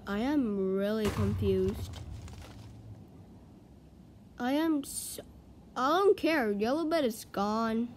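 A woman gives running commentary on her own gameplay, rambling and easily flustered, and she jumps into frantic panic whenever her team is in trouble. Her voice sits a little high. A faint hiss runs under the recording. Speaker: gaming video creator.

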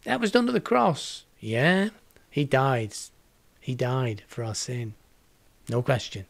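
A man's voice: mid-range voice, sing-song, slow, gravelly, no room sound. A man in his sixties preaching a home video sermon, earnest and reflective, repeating words for emphasis. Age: 60s. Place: home setup with green screen.

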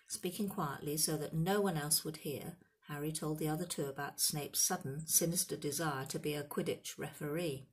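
Female audiobook reader, low and husky, narrates and voices the characters. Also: fairly even intonation, moderate pace. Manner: reads aloud, does character voices. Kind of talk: audiobook reading.

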